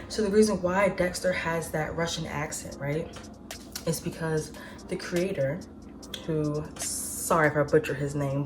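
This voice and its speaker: A woman in her twenties hosting a casual vlog, chatting in a slangy, profane way with side remarks. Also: low voice. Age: 20s. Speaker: vlogger host. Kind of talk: casual nostalgic chat.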